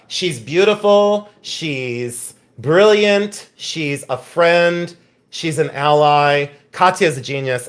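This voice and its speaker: Hosting a live-streamed jewelry auction, this man chats and jokes as he shows off each lot, often poking fun at himself in typical sales patter. His voice sits a little high with a fairly bright tone.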